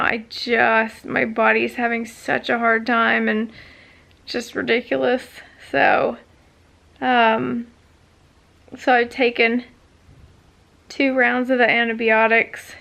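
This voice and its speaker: A woman's voice: fairly high pitch, creaky, a bit bright. A woman vlogger chatting casually, telling a long story with many fillers and asides. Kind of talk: casual chat.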